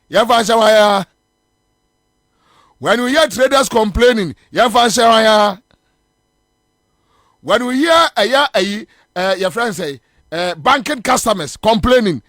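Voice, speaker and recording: Scornful Ghanaian radio host, high voice. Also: male voice, a bit bright, no room sound, studio quality. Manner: combative, scornful, repeats phrases for emphasis. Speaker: radio morning show host. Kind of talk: political commentary on radio.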